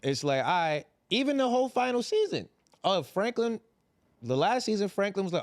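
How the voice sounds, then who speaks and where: A young man talks fast and loose on a podcast, swearing and slipping into the characters' voices. His voice sits a bit high, and the sound is dry and close. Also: no echo. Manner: animated, profane, acts out quotes. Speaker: podcast co-host. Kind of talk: casual recap chat.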